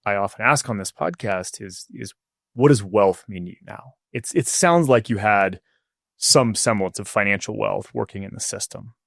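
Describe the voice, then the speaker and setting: A male podcast host with a fairly low, gravelly voice asks careful, probing questions. His voice is close and dry, with no room sound. He leads the conversation with measured phrasing. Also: dry recording. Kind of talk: interview questions.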